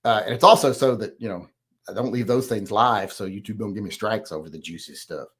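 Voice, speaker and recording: A man's voice: on the low side, brisk, fairly bright tone. A middle-aged man hosting a casual chat, reading viewer comments aloud and answering them in a rambling, self-correcting, plain-spoken way. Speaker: host.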